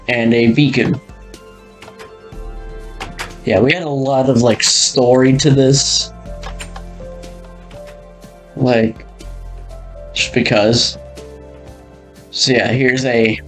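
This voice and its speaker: A man giving a casual, rambling walkthrough, laughing often and trailing off mid-sentence. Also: medium pitch. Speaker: video creator touring an old game world.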